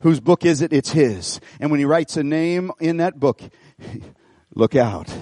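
A middle-aged man pastoring a church, preaching an animated sermon, folksy and full of repeated phrases as he tells a story. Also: on the high side, unhurried, dry recording, studio quality. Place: church auditorium.

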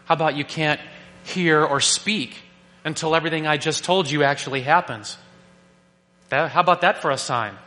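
Stern archangel messenger, put on by a male preacher, curt and mocking, slightly high tone. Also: normal speed, sharp tone. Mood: exasperated. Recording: long reverb of a large hall.

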